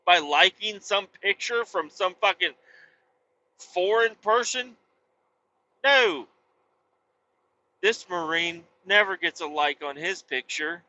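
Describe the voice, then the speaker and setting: A man vlogging from his truck on the highway, chatting casually in a blunt, rambling way and swearing freely. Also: measured pace, pauses often, sharp tone. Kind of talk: casual chat while driving. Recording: dull lo-fi audio with faint road noise.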